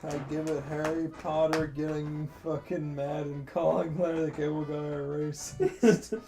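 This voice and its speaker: A man's voice: a little high, flat delivery, a little slow, noisy background. A man co-hosting a comedy podcast, blunt and crude in casual banter. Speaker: podcast co-host.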